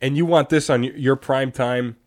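A young man hosting a casual sports talk show, animated and exasperated, often laughing. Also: mid-range voice, moderate pace. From Wisconsin. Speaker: sports podcast host.

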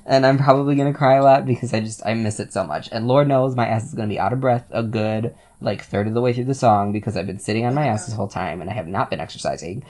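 Young podcast co-host, mid pitch, playful slang, laughs a lot. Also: fast, few pauses, a little mellow. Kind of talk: casual chat.

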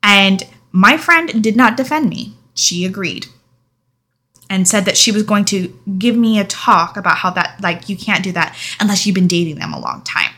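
A woman's voice: mid-range voice, moderate pace, bright, forceful tone. A young adult woman telling a personal story in a candid, emotional vlog, speaking frankly and sometimes swearing. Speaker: vlogger.

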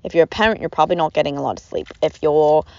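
A woman's voice: sits low, expressive, very fast, vocal fry, darkish tone, dry recording. A woman hosting a podcast, giving an earnest, rambling self-help talk that repeats its phrases, in a dull lo-fi recording. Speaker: podcast host.

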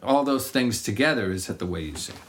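A man's voice: on the low side, animated, fairly quick. Rambling, reflective middle-aged man. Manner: reflective, rambling, frequent restarts. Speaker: singer-songwriter. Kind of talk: casual conversation.

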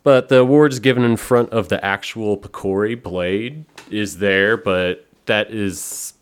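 Deep voiced guy rambling on a podcast, swears a lot, lots of likes and ums. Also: unhurried, clear, resonant tone. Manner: rambling, profane, full of fillers. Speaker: podcast host. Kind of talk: casual chat.

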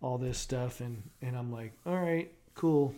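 A young man with a medium-pitched, dark-toned voice speaks at a measured pace. He co-hosts a podcast in casual chat, rambling with lots of fillers and restarts.

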